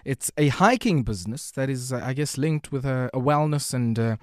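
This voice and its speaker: A man hosting an evening radio interview from a studio, talking with many uhs and pauses. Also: mid-range voice, expressive, a little mellow, no room sound. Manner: hesitant, many filler words. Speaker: radio host.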